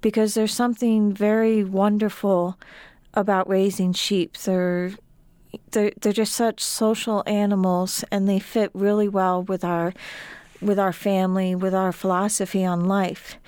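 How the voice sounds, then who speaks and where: A woman's voice: mid-range voice, level tone, unhurried, a little mellow, clear, resonant tone, no room sound. A middle-aged woman, an author and sheep farmer, speaking earnestly as an interview guest. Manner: earnest, repeats words when upset.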